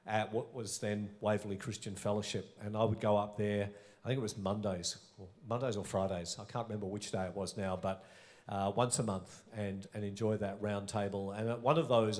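Earnest Australian man, lowish voice. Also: a little mellow. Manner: earnest, reflective storytelling. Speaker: senior pastor. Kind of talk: reminiscing in an onstage interview.

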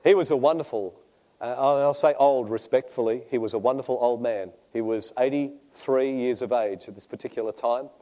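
Australian man, middle-aged pastor, sermon storytelling, dark mellow tone, wry humor. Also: mid-range voice, moderate pace. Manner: conversational storytelling with self-deprecating humor. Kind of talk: sermon with personal testimony.

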